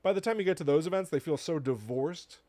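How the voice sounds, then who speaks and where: A man's voice: a little high, quick pace, mellow, no echo. A man in his thirties co-hosting a podcast, talking casually and ranting animatedly, with bursts of mocking impressions. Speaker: podcast co-host. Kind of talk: casual chat.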